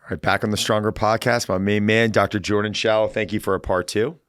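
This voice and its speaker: A man's voice: fairly low pitch, little pitch movement, a little fast, clear, resonant tone, no room sound, studio quality. A man in his forties hosting a podcast, talking in an upbeat, chatty way with loose fillers and restarts. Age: 40s. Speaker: podcast host. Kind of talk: casual podcast intro and conversation.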